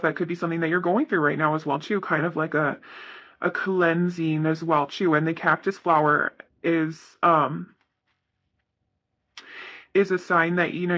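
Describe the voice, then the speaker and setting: A man's voice: a little high, sharp tone. A man giving a casual tarot reading, talking in a rambling, self-correcting way with lots of fillers. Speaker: tarot reader.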